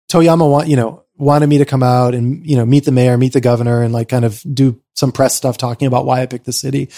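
A middle-aged man telling a lively story in a casual conversation, acting out quotes and saying "like" a lot. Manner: animated, acts out quotes in a high voice, many "like"s. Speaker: guest.

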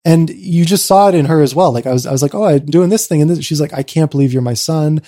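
A man telling a personal story in an interview, swinging between excited rushes and quiet reflective lows, with lots of "like" fillers. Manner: frequent "like" fillers. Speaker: interview guest.

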